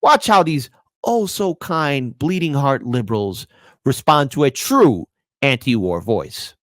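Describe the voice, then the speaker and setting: A man's voice: medium pitch, animated, unhurried, dry recording. A man hosting opinionated political commentary, combative and sarcastic, speaking into a close mic.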